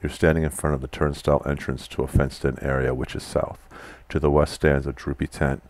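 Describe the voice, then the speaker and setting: Fairly quick and with little pitch movement, a bass-voiced man reads a text adventure game aloud and chats casually between commands, muttering his typed inputs quietly. The recording is dry.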